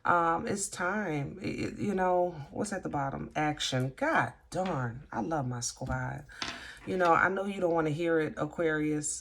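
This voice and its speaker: A woman giving a casual tarot reading, halting and gently reassuring, often restarting her sentences. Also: low-pitched. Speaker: tarot reader.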